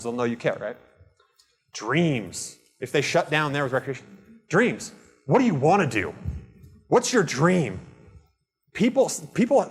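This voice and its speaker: A man giving a live real estate seminar to a room, earnest and animated, acting out little dialogues. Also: a little high.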